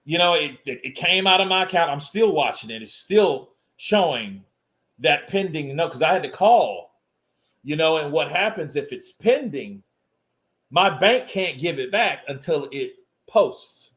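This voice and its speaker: A man hosts a relaxed livestream, talking boxing in a loose, joking way. His voice sits a bit high for a man and swings widely in pitch. He laughs often and talks with easy, crude humor. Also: a little slow. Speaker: live stream host. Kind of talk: casual boxing chat on a livestream.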